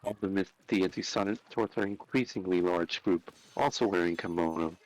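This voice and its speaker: A man narrating a fan story aloud on a live stream, unhurried, with small slips and restarts. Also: low voice, low-quality recording.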